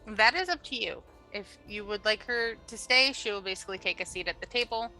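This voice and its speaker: Woman DM, casual narration, bright tone. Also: mid-range voice, fairly quick, faint music behind, rough recording. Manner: casual, filler-heavy narration. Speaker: game master. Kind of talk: narrating a tabletop game.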